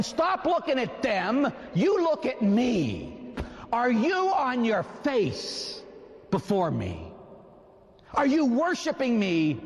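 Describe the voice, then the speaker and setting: A man, a priest, telling a story during a sermon in a lively, emphatic way. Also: high voice, in a large hall. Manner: animated storytelling, emphatic preaching. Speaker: Catholic priest.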